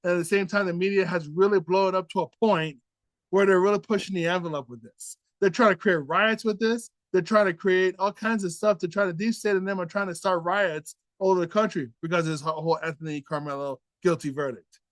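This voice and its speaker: A man's voice: high-pitched, brisk, no echo. A man hosting an opinion commentary show, talking in an earnest, indignant way with many repeats and restarts. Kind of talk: opinion commentary, casual monologue.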